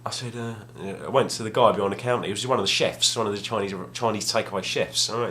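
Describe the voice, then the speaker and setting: A young man with a fairly low voice tells a long, rambling story about a bargain. He talks casually, restarts his sentences and pokes fun at himself. A faint hum sits under the recording. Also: quick pace, few pauses, fairly bright tone. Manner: rambling, self-deprecating, restarts often. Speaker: gaming vlogger. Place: home room, at a table.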